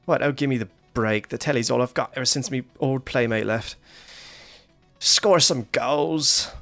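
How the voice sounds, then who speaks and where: A man voicing a brash, teasing British-accented animatronic in a high voice that slips toward Australian. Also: a little slow, fairly bright tone, soft background music. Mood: cheeky. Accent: put-on British slipping toward Australian.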